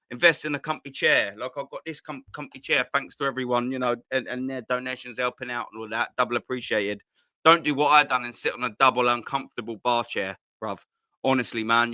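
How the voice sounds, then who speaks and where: Sitting at his laptop with a cheap desk mic, a man hosts a laid-back home live stream full of rambling, swearing, and slang. His mid-range voice comes across pushed and bright. The recording is clean studio sound without any room sound.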